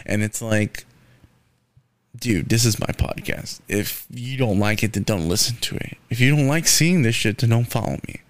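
A man's voice: mid-range voice, normal speed, no room sound. A young man hosting his own podcast, rambling casually with lots of swearing and fillers like "man" and "you know". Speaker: podcast host. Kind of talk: casual solo podcast rant.

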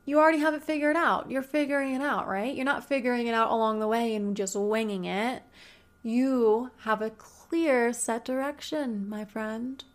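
Woman, friendly coach type, slightly higher voice, conversational advice talk full of questions to the listener. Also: moderate pace. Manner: chatty, addresses listener directly with many rhetorical questions. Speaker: goal-setting coach. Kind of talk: casual advice monologue.

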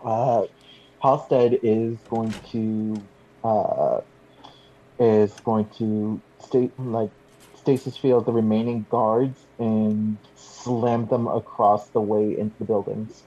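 Slow, mellow-voiced man with a husky tone. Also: fairly low pitch, steady tone, muffled recording. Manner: halting, joking. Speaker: player. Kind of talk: casual game table chat.

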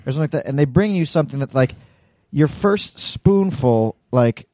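A man co-hosting a relaxed podcast, full of crude jokes and playful teasing. His voice has a mellow, warm darkness at a middle pitch, and the sound is close and dry. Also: normal speed, dry recording. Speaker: podcast co-host. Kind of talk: casual chat.

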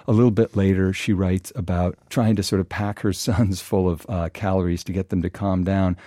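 A man's voice: sits low, fairly even intonation, normal speed, warm tone, dry recording, clean studio sound. A man guesting on a radio show, talking enthusiastically about books and reading passages of prose aloud. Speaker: guest book critic. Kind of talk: radio interview, book talk.

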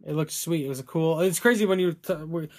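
Rambling man with a slightly high voice. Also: fast talker, a little mellow. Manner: rambling, laughing, crude jokes. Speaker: podcast co-host. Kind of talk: casual movie discussion chat.

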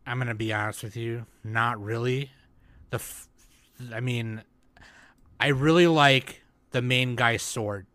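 A man's voice: mid-range voice, fairly even intonation, unhurried, long pauses, fairly bright tone, no room sound. A man co-hosting a casual chat about anime, rambling with lots of fillers and bursts of laughter. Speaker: podcast co-host.

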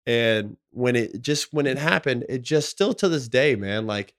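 Podcast co-host, man in his thirties, slangy, profane and emotional, mid-pitched voice. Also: expressive, unhurried, fairly bright tone. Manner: emotional storytelling, slangy and profane, full of "like" and "bro". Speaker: podcast co-host, former pro basketball player. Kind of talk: casual podcast chat.

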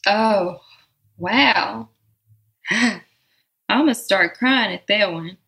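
A woman's voice: medium pitch, extremely slow, creaky, sharp tone. A woman with a Southern American accent, a musician guest speaking reflectively in an interview and laughing often. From Southern United States. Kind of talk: relaxed interview conversation.

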